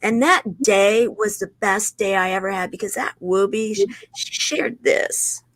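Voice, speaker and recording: A woman's voice: medium pitch, a little slow, fairly bright tone, no room sound. A woman hosting a talk show, asking long, rambling questions with enthusiasm. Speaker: host.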